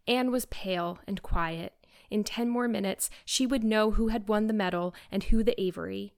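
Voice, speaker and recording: Female audiobook narrator, measured, expressive, mid-range voice. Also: medium pitch, vocal fry. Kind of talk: scripted narration.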